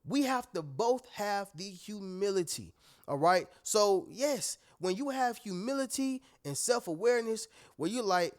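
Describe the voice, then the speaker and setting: A man's voice: high voice, animated, unhurried. A man giving a motivational talk straight to his viewers, emphatic and preachy, often checking that they are following. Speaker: motivational speaker.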